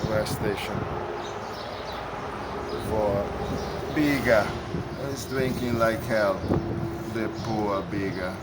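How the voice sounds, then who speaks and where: A man's voice: on the low side, fairly even intonation, drawn-out words, long pauses. A man with an Italian accent filming himself on a bike trip, coaxing a kitten. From Sardinia, Italy. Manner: talks softly to a kitten, coaxing. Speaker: cycling vlogger. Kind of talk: on-the-road vlog talk. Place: outdoors by a highway. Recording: loud wind and traffic noise.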